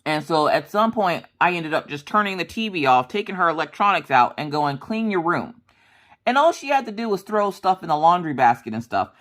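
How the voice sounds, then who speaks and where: A woman's voice: lowish voice, big pitch swings, a little fast, few pauses, fairly bright tone. A woman in her thirties chatting casually while she crafts, rambling through family stories and acting out the dialogue. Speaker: crafting vlogger.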